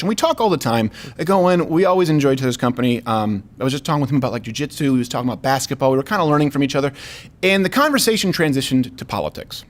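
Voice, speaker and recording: A man hosting a talk show, telling a comedic story in an animated, conversational way. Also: mid-range voice.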